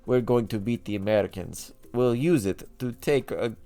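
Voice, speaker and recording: A man's voice: on the low side, moderate pace, dark tone, faint music behind, pitched below the performer's own voice, lightly acted. A man putting on a scheming Russian-accented official. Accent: put-on Russian.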